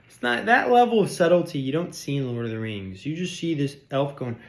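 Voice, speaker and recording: A man's voice: on the high side, lively intonation, fairly quick, vocal fry. A man delivering a comedic rant, mock-outraged and sarcastic, insulting his audience. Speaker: vlogger.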